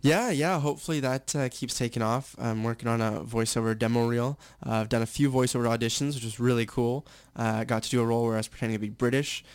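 A man's voice: medium pitch, fairly even intonation, fast talker, few pauses, smooth, dry recording. A young man, a stadium announcer and actor, chatting candidly as an interview guest with many fillers and restarts. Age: young adult. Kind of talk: casual interview chat.

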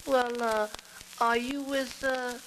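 A man voicing an excitable male jazz musician in a high, squealing voice, full of hip slang, on a crackly old record. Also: takes it slowly. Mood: eager.

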